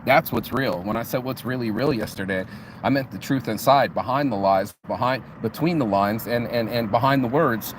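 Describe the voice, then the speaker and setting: A man's voice: mid-range voice, moderate pace. Preachy man musing outdoors by traffic. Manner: preachy, rhetorical questions, repeats and restarts words. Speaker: motivational vlogger. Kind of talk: unscripted motivational monologue.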